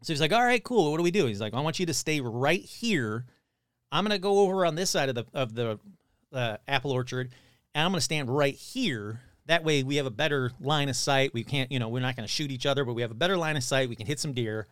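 A man's voice: mid-range voice, fairly quick, smooth, no room sound, clean studio sound. A man casually retelling a story he heard, acting out the voices of the people in it with loose, swearing talk. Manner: animated retelling, acts out quoted voices.

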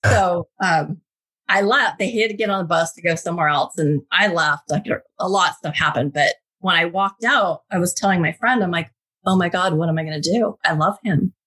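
A woman in her thirties, a guest telling a personal spiritual story in an animated, casual way. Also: fairly low pitch, moderate pace, slightly rough.

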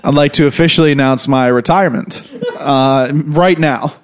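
A young man co-hosting a comedic podcast, needling his partner in a dry, sarcastic way. His voice sits slightly high. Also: normal speed, slight background noise. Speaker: podcast co-host. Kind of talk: comedic casual podcast banter.

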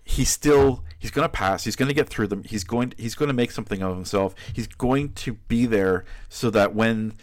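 A man co-hosts a casual book podcast, searching for words and restarting his sentences. His voice sits low, with a close, dry sound. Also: no echo. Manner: halting, many restarts. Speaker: podcast co-host.

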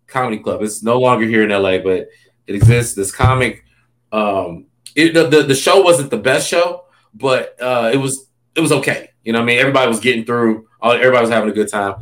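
Chatty male comedian telling stories. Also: medium pitch. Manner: loose, filler-heavy, animated anecdotes. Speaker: stand-up comedian, guest. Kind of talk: casual storytelling chat.

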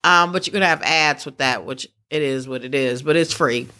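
Chatty, bright-voiced woman. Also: a bass voice, a little fast. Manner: rambling, chatty, restarts sentences. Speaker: podcast host. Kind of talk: casual sports chat.

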